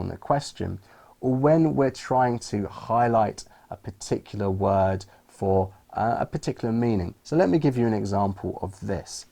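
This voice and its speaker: A man with a British accent teaching English pronunciation, explaining clearly and demonstrating stress with example sentences. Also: lowish voice, warm tone. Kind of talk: explaining lesson to camera.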